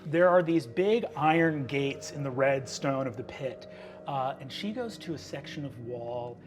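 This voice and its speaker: A man's voice: mid-range voice, a little slow. A man running a tabletop game as game master, vividly describing the scene, over background music.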